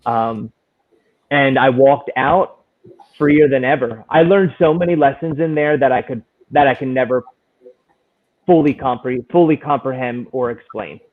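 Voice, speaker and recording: A man's voice: medium pitch, measured pace. Candid man on a tinny line. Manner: candid, searching, full of restarts. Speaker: guest in recovery. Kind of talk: personal testimony in casual conversation.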